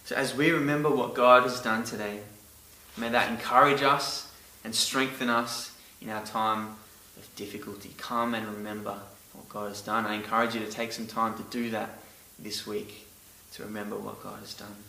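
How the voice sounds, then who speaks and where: A man's voice: on the low side, level tone, moderate pace, vocal fry, bright, forceful tone. A man preaching a sermon in an earnest way, stressing key words hard. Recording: roomy, echoey from a distance.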